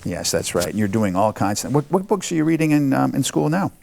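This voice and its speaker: A man's voice: medium pitch, big pitch swings, brisk, gravelly, darkish tone, dry recording. A man hosting a show, patiently asking a child encouraging questions and repeating back the answers. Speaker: show host interviewing a child. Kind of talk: friendly interview chat.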